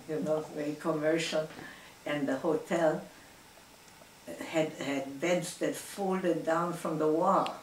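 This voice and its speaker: An older woman telling her life story in an interview, reflective and unhurried, often laughing softly as she talks. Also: deep voice, a little hiss or hum, low-quality recording. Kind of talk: oral history recollection.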